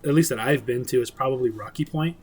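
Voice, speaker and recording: A man's voice: medium pitch, fast, a little mellow. A young man co-hosting a podcast, joking and swearing casually. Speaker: podcast co-host. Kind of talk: casual chat.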